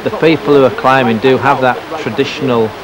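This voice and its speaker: A man's voice: medium pitch, steady tone, brisk, a crowd in the background, rough recording. A man, a climber, speaking thoughtfully and earnestly in an interview outdoors at a cliff.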